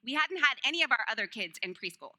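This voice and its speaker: A woman's voice: high voice, sing-song, fast, sharp tone. A woman giving a sermon, telling personal stories in a joking, self-deprecating way and laughing often. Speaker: speaker at a church service.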